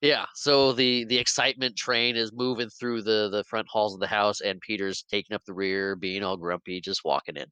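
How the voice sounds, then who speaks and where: Male podcast co-host, lower voice, bright tone, animated movie recap on a dry mic. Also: moderate pace, hardly any pauses, clean tone, no echo, rough recording. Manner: animated retelling, acts out character lines with laughs. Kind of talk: casual movie recap chat.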